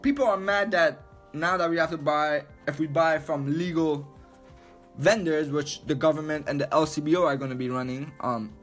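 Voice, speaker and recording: High-pitched man ranting with heavy swearing. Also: steady tone, normal speed, faint music behind. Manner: loud, emphatic, profane, repeats himself. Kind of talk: profane rant to camera.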